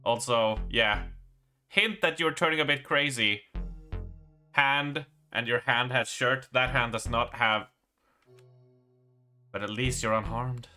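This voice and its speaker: A bright, forceful male streamer playing through a horror game live, reading the on-screen text aloud between outbursts. His delivery is excitable and loose, swearing and exclaiming as things go wrong, with faint game music under him. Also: medium pitch, slow pace, pauses often.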